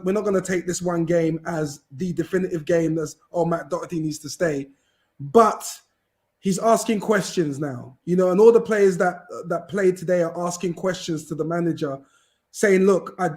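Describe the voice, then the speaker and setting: A man with a high voice talks football on a podcast. He rambles in animated bursts, restarting his sentences and piling on fillers. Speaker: podcast guest, football fan. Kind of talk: casual chat.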